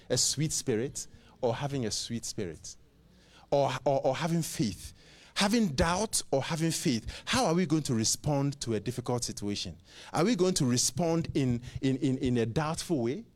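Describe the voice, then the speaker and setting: Animated preacher man, high and lively. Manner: rhetorical questions, repeats words and restarts. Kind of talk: sermon.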